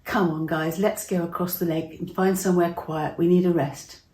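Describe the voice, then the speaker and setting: An older woman voicing a tired, kind male teacher who calmly asks his friends to rest. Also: on the low side, normal speed, roomy sound, close to an everyday voice.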